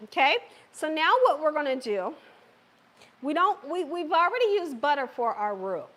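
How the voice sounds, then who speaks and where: High, lively woman hosting a cooking stream. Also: normal speed. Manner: chatty, talks directly to viewers and live chat; playful, laughs and cheers herself on. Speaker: cooking show host.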